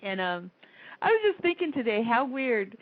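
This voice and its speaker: A woman's voice: on the high side, big pitch swings, moderate pace, dry recording. A woman hosting a casual call-in internet radio show, chatty and rambling, laughing often. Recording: tinny phone-line sound.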